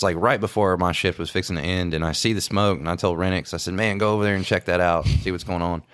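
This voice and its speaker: Podcast co-host, very low voice, dry room; loose, cussing storyteller. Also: male voice, clean tone, dry recording. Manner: rambling, profane, laughing, mimics others' voices. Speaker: podcast co-host, small-town police officer. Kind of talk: casual storytelling chat.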